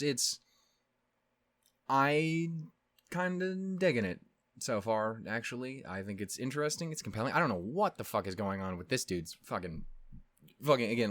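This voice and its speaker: A young man riffs on a show he just watched in loose, casual commentary. He swears freely, restarts his sentences and laughs at his own asides, and his pitch leaps high and drops low. The recording is dry and close. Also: no echo. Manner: rambling, profane, self-interrupting, laughs often. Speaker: reaction channel host.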